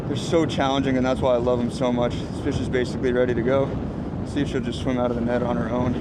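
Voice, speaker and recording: A man hosting a fishing video, talking energetically and breathlessly as he fights a fish from a bridge. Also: mid-range voice. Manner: energetic, exclaiming, breathless bursts. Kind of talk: excited outdoor fishing vlog chatter. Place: outdoors on a bridge over the water. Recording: outdoor wind and water noise.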